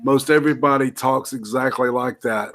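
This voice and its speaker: A man's voice: mid-range voice, steady tone, normal speed, fairly bright tone. A man in a casual stream chat, wry and self-described cynical. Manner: wry, sarcastic.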